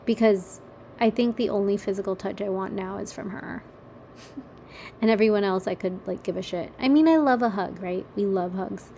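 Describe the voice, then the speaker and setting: A woman's voice: mid-range voice, moderate pace, mellow, a little hiss or hum. A young adult woman hosting a casual solo podcast from her kitchen table, chatty and rambling, swearing casually and laughing at herself. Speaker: podcast host.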